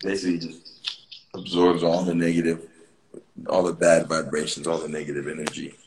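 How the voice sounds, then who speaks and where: A man giving a relaxed, enthusiastic tour of his indoor studio over a phone live stream, often repeating phrases. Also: very deep voice, moderate pace, echoey room, noisy background. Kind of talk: casual walkthrough on a live stream.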